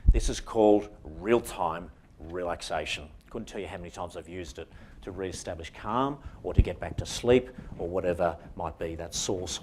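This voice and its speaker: A man's voice: deep voice, darkish tone, a little hiss or hum. A man with an Australian accent giving an interactive workshop presentation to a conference audience, often putting questions to the room.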